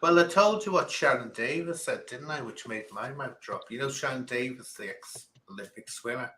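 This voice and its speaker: A man's voice: medium pitch, normal speed, low-quality recording. A man hosting a casual live stream, telling stories with emphatic repetition. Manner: animated storyteller, emphatic repetition. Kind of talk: casual chat.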